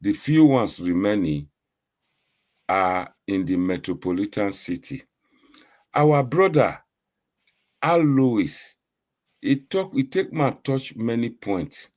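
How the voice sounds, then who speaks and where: Deep Nigerian man, Pidgin-mixing host. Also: big pitch swings, slow pace, long pauses, darkish tone. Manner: hesitant with many uh fillers. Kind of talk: moderating a discussion, summing up guests.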